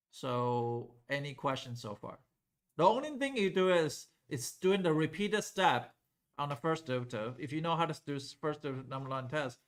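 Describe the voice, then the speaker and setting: A man's voice: fairly high pitch, fairly bright tone. A man teaching calculus to a live class in a loose, conversational way, often checking whether students follow.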